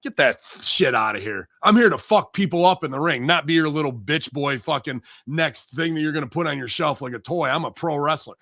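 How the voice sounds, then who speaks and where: Man, pro wrestler, slightly high pitch, heated profane rant, dry close sound. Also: expressive, brisk, hardly any pauses, fairly bright tone, no room sound. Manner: heated, profane rant acting out quoted voices. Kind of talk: casual podcast chat.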